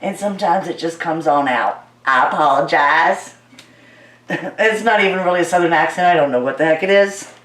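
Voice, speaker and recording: A woman's voice: low voice, normal speed, fairly bright tone, recorded from a distance. A woman narrating her paint pouring as she works, chatty and playful, talking the paint along. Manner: talks to the paint, coaxing it along; playful, easily delighted. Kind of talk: chatty narration while working. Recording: echoey room, mic set back.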